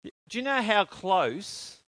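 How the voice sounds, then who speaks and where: A man delivers a lively sermon, tossing questions out to his congregation and pressing on with his point. His voice sits a bit higher than most men's. The sound is dry and close to the mic, with hardly any room around it. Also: takes it slowly, dry recording. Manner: animated, asks the congregation questions. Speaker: preacher.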